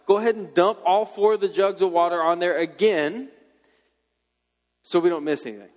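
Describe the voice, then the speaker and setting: A man's voice: sits high, normal speed, in a large hall, voice pushed up, lightly acted. A man voicing a swaggering male prophet who mocks his rivals in a teasing, sarcastic way. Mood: mocking.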